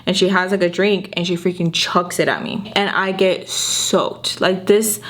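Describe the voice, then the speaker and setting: Young female vlogger, animated storytelling to camera, chatty with constant "like"s. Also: fairly low pitch, unhurried. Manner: animated retelling, full of filler "like"s. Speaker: YouTuber telling a story. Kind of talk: casual storytime vlog.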